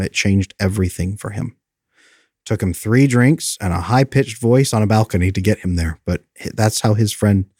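A man coaching viewers on friendship in an emphatic, lively way, often acting out the lines he quotes. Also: on the low side, no echo, studio quality. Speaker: attachment coach. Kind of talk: motivational talk to viewers.

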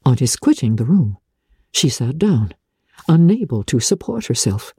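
A woman gives a measured, expressive dramatic reading of a classic novel as narrator. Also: lowish voice, husky, no echo, clean studio sound.

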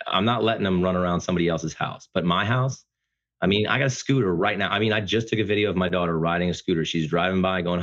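A man talking casually as a podcast guest, speaking loudly and passionately with animated storytelling. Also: fast, highs cut off. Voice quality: loud booming voice. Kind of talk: casual conversation.

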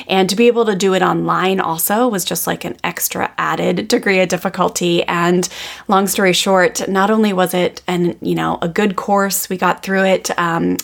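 A woman's voice: fairly low pitch, creaky. A middle-aged woman hosting a parenting podcast, chatting casually and upbeat, her voice scratchy from a cold. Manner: upbeat, chatty, many fillers. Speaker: podcast host, parenting coach.

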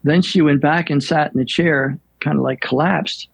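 An older man, a priest, telling stories in an unhurried, reflective way with many pauses and fillers. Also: on the high side, fairly even intonation, creaky, slightly rough, no room sound, rough recording. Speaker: priest guest. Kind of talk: storytelling in an interview.

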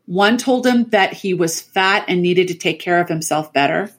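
A middle-aged woman appears as a podcast guest over a remote call, telling family stories in a casual chat. Her voice sits low and moves at a normal speed, animated and broken often by laughter, picked up on a remote call mic.

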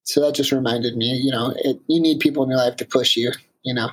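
Man, interview guest, husky voice, animated storytelling, lots of fillers. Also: medium pitch, fast talker, rough recording.

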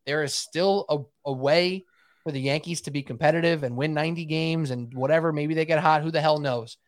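A man co-hosting a casual sports podcast, talking in an animated, emphatic way and often repeating himself. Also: fairly high pitch, fairly quick, no echo, clean studio sound. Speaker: podcast co-host.

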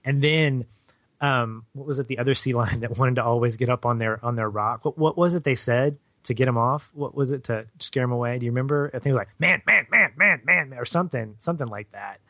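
A man's voice: mid-range voice, fast, dry recording. A man co-hosting a podcast, chatting casually in a thoughtful, somewhat hesitant way. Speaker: podcast co-host.

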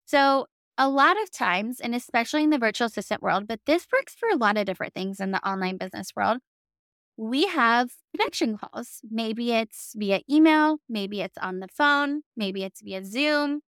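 A woman's voice: a little high, lively intonation, moderate pace, fairly bright tone, clean tone, no echo, clean studio sound. A young woman from the American South, coaching in a chatty, upbeat way and often saying "like". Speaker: business coach. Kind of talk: casual teaching to camera.

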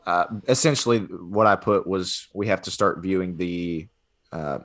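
Very low-voiced man on a church panel. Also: moderate pace, fairly bright tone. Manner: hesitant, fillers like "uh" and "you know". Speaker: panel guest. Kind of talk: casual church panel discussion.

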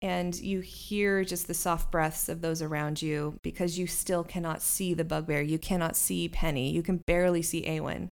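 A woman's voice: fairly low pitch, fairly even intonation, moderate pace, few pauses. A woman narrating a tabletop game as game master, describing scenes unhurriedly with fillers.

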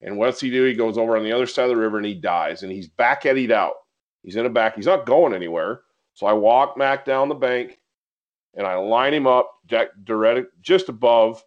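Animated male podcast host, lo-fi sound. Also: medium pitch, brisk. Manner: animated storyteller, gets excited recounting events. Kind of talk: casual conversation, storytelling.

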